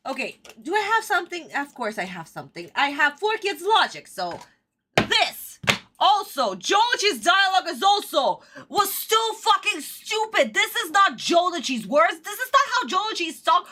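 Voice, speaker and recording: A young woman reacting live on stream, her high voice leaping all over its range as she rants. She swears and vents in exasperated bursts, yet keeps an unhurried pace. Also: sing-song, pushed and bright. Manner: ranting, swearing, exasperated outbursts. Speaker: streamer reacting to an anime episode. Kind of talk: casual livestream reaction.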